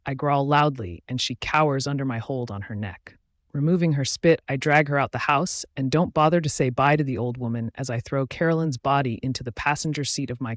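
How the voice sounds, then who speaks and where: A man narrating a werewolf story aloud in steady first-person storytelling. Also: medium pitch, no echo, studio quality.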